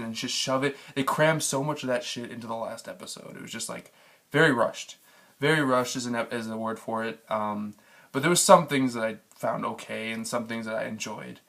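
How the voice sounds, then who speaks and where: A man's voice: mid-range voice, moderate pace, vocal fry, fairly bright tone. A man giving a casual spoken review of a TV episode, frustrated and ranting, swearing freely. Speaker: TV show reviewer.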